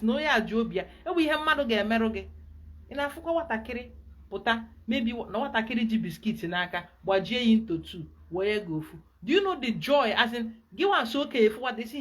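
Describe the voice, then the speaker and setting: A woman with a Nigerian accent, a spiritual guide giving an emphatic, animated teaching talk. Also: a little high.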